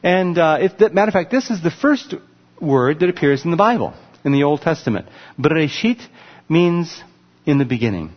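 A man's voice: on the high side, sing-song, moderate pace. A man preaching a sermon, teaching in an emphatic way and pointing things out on a screen with a laser pointer. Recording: muffled recording with long hall reverb.

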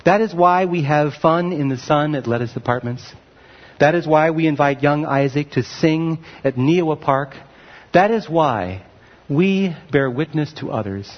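A man preaching a sermon as pastor, with emphatic stresses that climb high. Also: a little slow. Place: church. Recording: dull sound, long hall reverb.

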